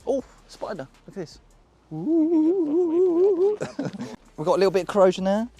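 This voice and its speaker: A young British man casually showing off a cheap used car, excitable, joking and swearing as he goes. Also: high voice, a little fast. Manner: excitable, swearing, laughing, jokey. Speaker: car vlogger. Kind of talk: casual car walkaround vlog.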